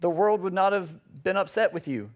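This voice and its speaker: Young man, higher-pitched voice, self-deprecating storytelling sermon, chatty with lots of fillers. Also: expressive, a little fast. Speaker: preacher. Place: church sanctuary.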